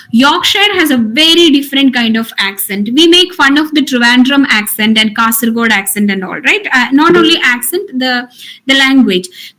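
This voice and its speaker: A woman's voice: sits high, fairly bright tone, poor audio. A middle-aged woman with an Indian English accent, giving an earnest, encouraging online English lecture. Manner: earnest, encouraging teacher, repeats points for emphasis.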